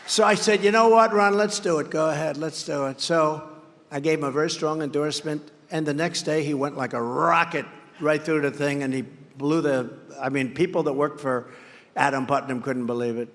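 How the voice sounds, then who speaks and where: A man's voice: a little high, fairly even intonation, moderate pace, fairly bright tone. A man giving a rambling, boastful campaign rally speech at a podium microphone, mocking his rivals by acting out their words. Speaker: political candidate. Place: large campaign rally venue. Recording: long reverb of a large venue.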